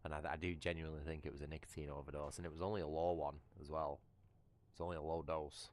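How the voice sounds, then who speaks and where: A man's voice: a bass voice, flat delivery, fast talker, darkish tone, no room sound. A British man casually chatting on a gaming livestream, rambling and swearing as he tells a story. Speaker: livestream gamer. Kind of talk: casual chat while gaming.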